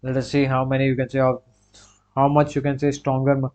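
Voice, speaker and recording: A gaming streamer with a mid-range voice speaks in a mellow, relaxed way while playing, talking himself through moves with brief repeated commands. One stock phrase fills his pauses. The dull, lo-fi sound suggests a cheap home mic.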